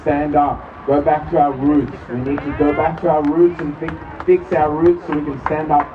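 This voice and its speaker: A young Australian man giving an earnest, nervous, halting protest speech outdoors. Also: on the high side, flat delivery. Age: young adult. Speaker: rally speaker. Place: outdoor street rally in rain. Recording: distant muffled mic, loud crowd and noise.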